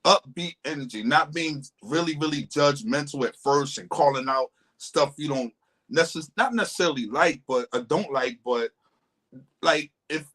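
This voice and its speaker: A man chatting casually about a dating show, relaxed and easygoing, who sometimes mimics upbeat voices. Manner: laid-back, acts out voices going high and upbeat. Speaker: co-host guest. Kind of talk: casual chat.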